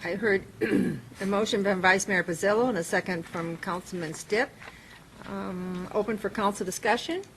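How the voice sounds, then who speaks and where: A woman mayor chairing a city council meeting, plain-spoken and halting, with frequent fillers. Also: mid-range voice, slight background noise, rough recording.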